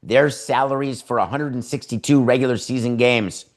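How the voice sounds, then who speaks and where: A man hosts a sports talk show in an opinionated, lecturing way. He drives his points home with drawn-out emphasis and rapid rhetorical questions. His voice sits at an ordinary, middle pitch. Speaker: podcast host.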